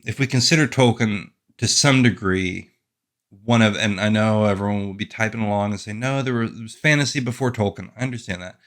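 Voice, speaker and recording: Hosting his fantasy fiction channel, an author delivers a casual talking-head monologue in a voice on the low side with a bit of brightness. He meanders into self-mocking, wry asides as he goes.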